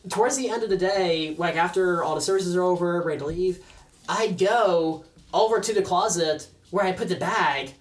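Young man, casual storyteller, laughs a lot and plays out quotes. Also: high-pitched. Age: young adult. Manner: animated, laughing often, acting out quoted voices.

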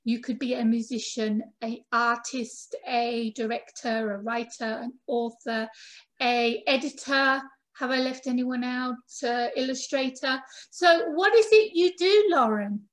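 High-pitched lady podcast host, chatty, kinda rambly interview style. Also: unhurried. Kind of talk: casual interview chat.

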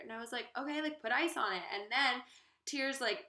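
A woman's voice: on the high side, quick pace, sharp tone, echoey room. A young woman co-hosting a casual sibling podcast, teasing her brother and giggling. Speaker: podcast co-host.

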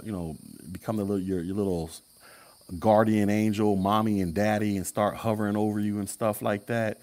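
A man's voice: on the low side, a little mellow. A man hosting a casual commentary podcast, talking bluntly in heavy slang, laughing often and answering chat comments. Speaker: podcast host.

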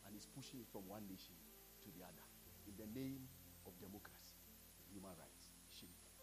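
A man with a Ghanaian accent preaching a sermon, building up to shouted lines. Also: lowish voice, a little fast, poor audio. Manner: preaching, switching between Twi and English, rising to shouts. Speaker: pastor. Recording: with loud music behind.

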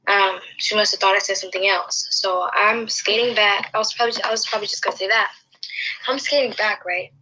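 A woman's voice: mid-range voice, fairly even intonation, brisk, pushed and bright, rough recording. A young woman telling a personal story in casual chat, rambling along with lots of restarts and fillers. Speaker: podcast host.

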